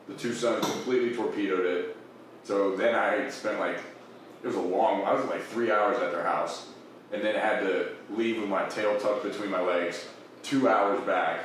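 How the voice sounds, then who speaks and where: A man telling a story in casual chat, relaxed and drawn out. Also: lowish voice, slight background noise. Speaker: podcast co-host. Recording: very echoey room from a distance.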